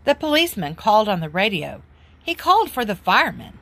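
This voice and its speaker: A woman reading a children's book aloud in an expressive, sing-song way. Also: mid-range voice, brisk, no echo. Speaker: storybook reader.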